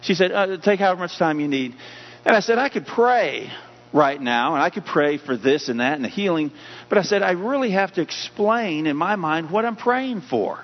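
Male pastor, sermon delivery, slightly high voice, punches up the scripture readings; muffled recording with long hall echo. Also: expressive, moderate pace. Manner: preaching with rising emphasis on scripture readings. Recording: dull hum-laden audio with long hall reverb.

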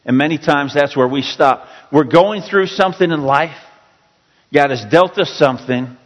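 A man preaching a sermon, reading scripture slowly and rising to pleading emphasis. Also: on the high side. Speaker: pastor. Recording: long reverb of a large hall.

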